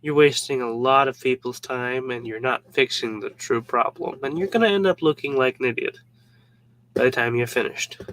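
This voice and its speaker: A man's voice: medium pitch, moderate pace, fairly bright tone, low-quality recording. A man giving a casual devotional Bible talk, informal and joking, acting out little scenes as he explains. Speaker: Bible teacher.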